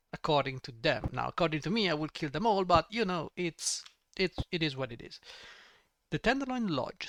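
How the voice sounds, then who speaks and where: Man, let's play host, jokey and casual, fairly high voice, crisp. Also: fairly bright tone. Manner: casual, jokey, talks to himself. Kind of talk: gameplay commentary.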